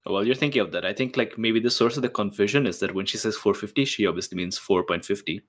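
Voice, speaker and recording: A man's voice: lowish voice, fast talker. A man playing in a tabletop game, musing thoughtfully in a casual way. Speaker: player.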